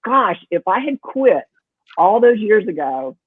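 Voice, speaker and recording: A woman's voice: medium pitch, very animated, a little slow, husky, no echo. A woman talking as a real estate team leader on a video-call panel. She is upbeat and earnest, with a playful streak. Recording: tinny phone-like call audio.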